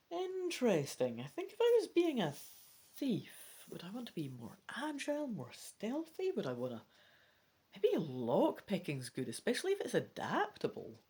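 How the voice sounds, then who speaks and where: A woman hosting a let's play, reading the rules of a gamebook aloud and thinking aloud between sections, often dropping into soft muttering. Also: fairly high pitch, wildly swooping pitch, normal speed, husky.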